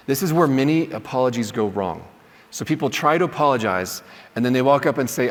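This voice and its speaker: A man's voice: medium pitch, lively intonation, brisk, a bit bright. Man teaching in a reverberant hall. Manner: conversational, checks in with "right?", acts out sample apologies. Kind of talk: classroom teaching talk. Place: lecture hall.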